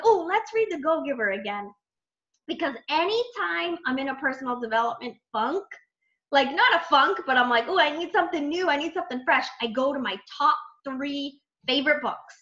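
Woman coach, chatty and animated, fairly high voice, muffled lo-fi call audio. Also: normal speed. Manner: chatty, animated, many fillers and quoted self-talk. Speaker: team coach leading a training call. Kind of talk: casual training talk.

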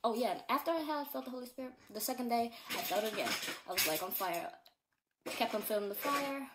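A woman's voice: a little high, lively intonation, quick pace, very noisy. A teenage girl at home giving a casual personal testimony, earnest and rambling, with many fillers and repeats. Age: teens. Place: at home in a bedroom.

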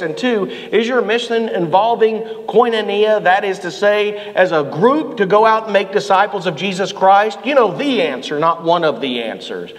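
Animated pastor preaching in echoing hall. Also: male voice, high-pitched. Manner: animated storytelling, shouting quoted lines. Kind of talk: sermon. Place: church sanctuary.

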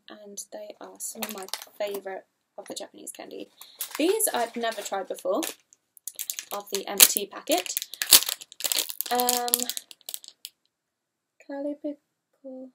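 A woman's voice: fairly high pitch, gravelly, noisy background. Chatty young woman vlogging. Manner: chatty, rambling, giggly, unsure of product names. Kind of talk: casual haul video.

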